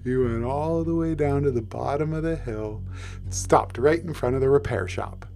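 A man improvising a bedtime story, relaxed and playful, with sound effects and repetition. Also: medium pitch, moderate pace, gravelly, soft background music.

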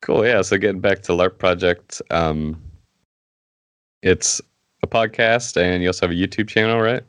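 A man hosting a podcast, asking questions in a relaxed, friendly way. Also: low-pitched, normal speed, smooth, no echo. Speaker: podcast host. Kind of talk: casual podcast interview.

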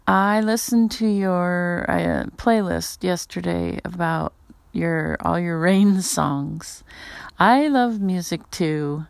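A woman with a raspy morning voice, chatting casually in a voice message and laughing often. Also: fairly low pitch, darkish tone, no echo, clean studio sound. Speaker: podcast listener replying.

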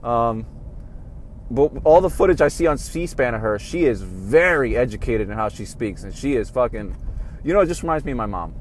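A man hosting a podcast, ranting casually with lots of swearing, swinging from low mumbled asides to loud heated outbursts. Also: lively intonation, moderate pace, slight background noise. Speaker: podcast host. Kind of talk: casual rant monologue.

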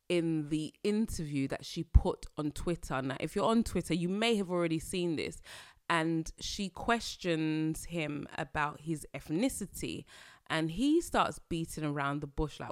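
A woman vlogger giving casual, animated commentary to her viewers, exclaiming often and laughing between points. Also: deep voice, no room sound, clean studio sound.

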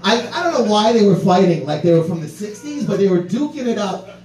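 A man telling a comic story in a casual, profane way, animated and laughing as he talks. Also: sits high, brisk, echoey room, far from the mic, poor audio. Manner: animated, profane, laughs through his words.

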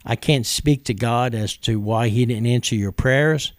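A man's voice: mid-range voice, unhurried, dry recording, studio quality. Earnest man telling a testimony. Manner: earnest storytelling, frequent uh fillers. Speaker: preacher. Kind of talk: testimony sermon.

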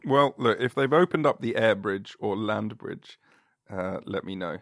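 Male podcast host, casual rambling chat, gravelly tone. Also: on the low side, unhurried, a bit bright, no room sound, clean studio sound. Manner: laid-back, rambling, laughs often.

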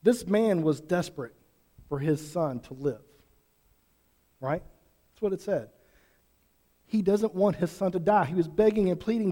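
A man's voice: high voice, a little slow, pauses often, mellow. A pastor preaching an earnest sermon to his congregation, pressing them with repeated questions. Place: church sanctuary. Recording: long hall reverb.

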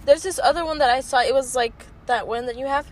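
High-pitched young woman rambling in a car. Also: quick pace. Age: young adult. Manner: rambling, swears a lot, many fillers. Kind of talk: casual chat.

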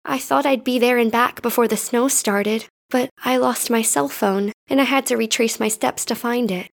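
A woman's voice: on the high side, steady tone, normal speed, gravelly. A woman voicing a sweet teenage schoolgirl who speaks in a tender, earnest way, reading fan fiction aloud. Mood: apologetic. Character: sweet teenage schoolgirl confessing her love.

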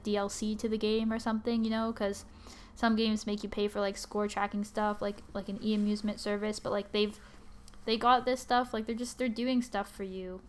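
A tired young woman hosting a casual solo podcast, rambling with many fillers and restarts, apologizing and laughing at herself. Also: mid-range voice. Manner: rambling, lots of likes and restarts, quick to apologize. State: sleepy and tired. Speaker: podcast host.

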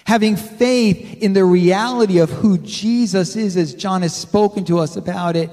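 High-voiced pastor preaching in a reverberant church. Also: male voice, mellow. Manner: conversational preaching, asks the congregation for amens. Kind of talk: sermon. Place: church sanctuary. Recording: long hall reverb.

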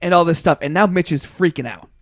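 A young man co-hosting a casual podcast, telling a story animatedly with loud bursts and laughter. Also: fairly high pitch, fast, no echo, clean studio sound. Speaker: podcast co-host.

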